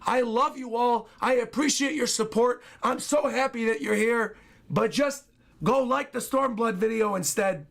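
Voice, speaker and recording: A man streaming from home, his voice hoarse and worn out, chatting excitedly and rambling as he reads donations and talks to his dog. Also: very high voice, measured pace. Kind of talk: casual livestream chat.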